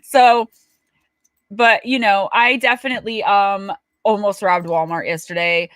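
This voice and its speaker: Middle-aged New woman, livestream host, bright tone, dry close sound, chatty and quick to laugh. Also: medium pitch, dry recording. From Paterson, New Jersey. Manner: chatty, animated storyteller who laughs often. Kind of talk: casual livestream chat.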